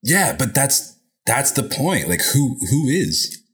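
A man co-hosting a podcast in casual chat, animated and profane, with lots of filler. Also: medium pitch, takes it slowly, husky. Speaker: podcast co-host.

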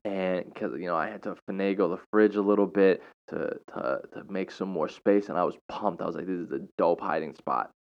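Very deep-voiced man telling a story. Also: a little fast, vocal fry, few pauses. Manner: animated, slangy, dramatic retelling. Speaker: teacher. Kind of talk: casual storytelling monologue. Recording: dull lo-fi recording.

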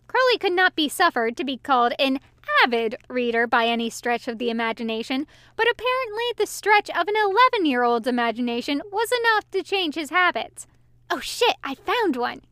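Woman reader for fan fiction audiobook, high smooth voice, expressive. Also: no echo. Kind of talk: reading fan fiction aloud.

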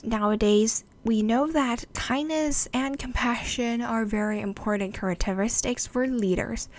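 A woman presenting an explanatory video talk, measured and speaking straight to her viewers. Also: fairly high pitch.

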